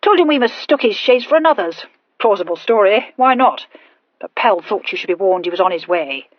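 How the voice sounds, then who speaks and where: A fussy, punctilious gentleman, played by a woman narrator, speaks in clipped, breathless phrases that drop their small words. The voice is husky and slightly breathy. The recording is dull and lo-fi, with a dry sound. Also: medium pitch, very animated, fairly quick, no room sound. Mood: flustered.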